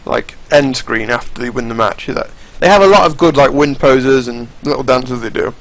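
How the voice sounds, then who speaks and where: A man's voice: medium pitch, moderate pace, a bit bright, rough recording. A young man giving casual, rambling, profane commentary over fighting game footage, often restarting his sentences.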